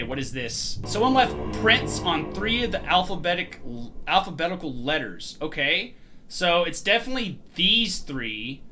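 A gaming host giving let's play commentary on a horror game, talking to the objects on screen and swearing and yelping at the scares. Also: medium pitch. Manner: excitable, swears and shouts at scares.

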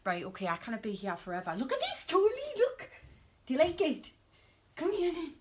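A woman chatting on a casual vlog, excitable and cheeky, swinging between gushing and hushed asides. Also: high voice, moderate pace. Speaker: vlogger.

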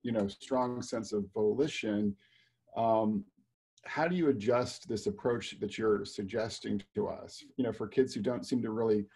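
A man's voice: lowish voice, measured pace, vocal fry, darkish tone, slightly rough. A man on a video call asking the guest a long question, thoughtful and rambling, with many fillers. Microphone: video call microphone.

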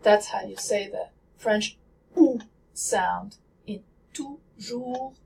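A woman teaching pronunciation in a slow, careful manner, demonstrating sounds and repeating them with exaggerated emphasis. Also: medium pitch, vocal fry, darkish tone, recorded from a distance, low-quality recording. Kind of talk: slow instructional pronunciation lesson.

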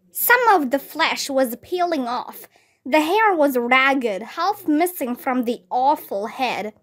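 A woman with a Vietnamese accent reading a children's book aloud, slowly and carefully, giving the kids' dialogue some life. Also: high-pitched, fairly bright tone. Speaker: reader.

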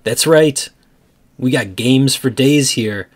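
A man's voice: mid-range voice, slow. Dry, wry man podcast host. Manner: dry, wry, moves the show along. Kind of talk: casual podcast chat.

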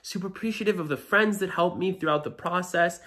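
A man's voice: sits high, brisk, sharp tone, faint music behind. Earnest man, muffled with a cold. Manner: earnest and grateful, emphatic. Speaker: reptile-keeping video creator. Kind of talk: reflective year-in-review vlog.

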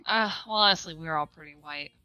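A woman's voice: low voice, a little fast, sharp tone, smooth, dry recording, dull audio, faint music behind. A young woman in a casual podcast chat, teasing and gleeful. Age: young adult.

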